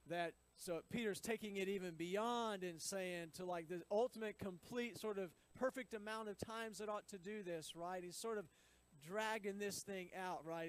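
A man's voice: sits high, low-quality recording. A man reading scripture aloud and explaining it in a chatty teaching style, with frequent asides to his listeners. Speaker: Bible teacher.

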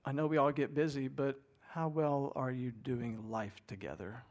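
A middle-aged pastor preaching in a conversational, animated way, acting out people's inner voices. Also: male voice, medium pitch, moderate pace. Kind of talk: sermon.

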